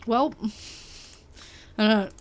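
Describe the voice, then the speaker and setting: A woman's voice: a little high, extremely slow, slight background noise. A woman streaming a video game, chatting casually and rambling to her chat, sometimes talking with her mouth full. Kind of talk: casual live-stream chat while gaming. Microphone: desk mic.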